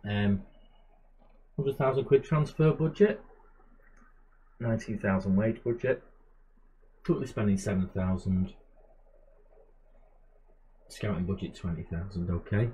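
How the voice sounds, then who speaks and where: A man's voice: lowish voice, unhurried, pauses often, mellow, slightly rough, highs cut off. A man giving casual, chatty commentary while playing a management game, muttering asides to himself. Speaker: gamer and channel host.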